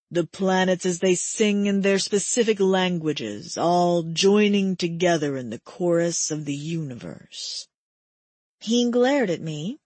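Breathy woman reading a novel aloud. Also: fairly low pitch, no room sound. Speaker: audiobook narrator. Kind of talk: first-person fiction narration.

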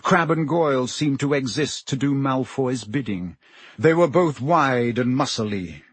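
A man narrating a novel as an audiobook in a steady, measured way. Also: mid-range voice, breathy edge, no room sound. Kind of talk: scripted narration.

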